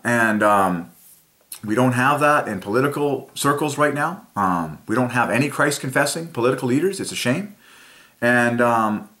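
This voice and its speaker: A man delivers an off-the-cuff sermon to camera at a middle pitch. He rambles, stops and restarts often, and leans on fillers like "like" and "um" as he preaches. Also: fairly bright tone. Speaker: Christian channel host.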